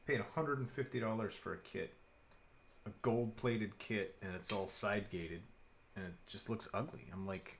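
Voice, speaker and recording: A man's voice: lowish voice, moderate pace, vocal fry, a little hiss or hum. A man chatting casually and thinking aloud while he builds a model kit on a live stream. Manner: relaxed, rambling, thinking aloud.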